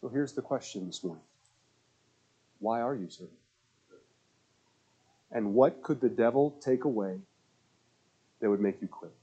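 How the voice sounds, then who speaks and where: A man preaching a sermon as pastor, telling stories and acting out the voices of people he quotes, swinging between loud and hushed. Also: mid-range voice, measured pace, long pauses, slightly rough, muffled recording. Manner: animated storyteller, acts out quoted voices, swings loud to soft.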